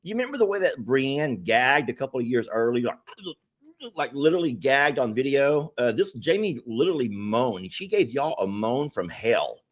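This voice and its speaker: A man, co-hosting a casual chat and telling stories quickly and animatedly. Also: mid-range voice. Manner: fast-talking, animated storyteller. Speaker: co-host.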